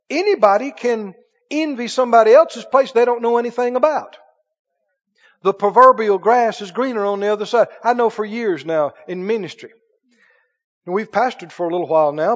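Pastor, male, high-pitched preaching voice, emphatic call-and-response, muffled hall recording with long reverb. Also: normal speed. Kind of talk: sermon.

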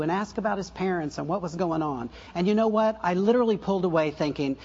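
An older man preaching a conversational sermon, full of asides and self-corrections and soft laughs at his own stories. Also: high voice, fast talker, hardly any pauses, dull audio. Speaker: pastor.

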